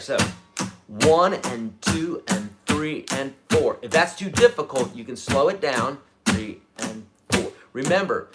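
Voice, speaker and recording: A man teaching a live-streamed guitar lesson, counting beats aloud and encouraging his viewers. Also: medium pitch. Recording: guitar playing loudly behind the voice.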